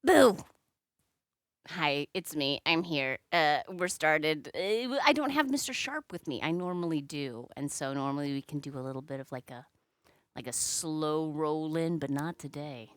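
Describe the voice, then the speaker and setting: A woman's voice: deep voice, animated, moderate pace, a bit bright, no room sound. A woman hosting her balloon art stream, chatting casually in a playful, gushing way. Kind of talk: casual chat.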